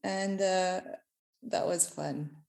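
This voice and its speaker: A woman from Germany with a slight German accent, a guest in a casual interview. She talks in a relaxed, hesitant way with fillers. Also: fairly low pitch, very slow, vocal fry.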